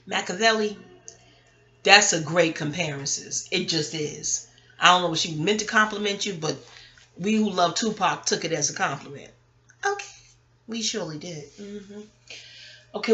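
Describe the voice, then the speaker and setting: A woman's voice: on the low side, vocal fry, a bit bright. A woman vlogger talking in a blunt, rambling casual monologue, swearing often and drifting into chatty asides.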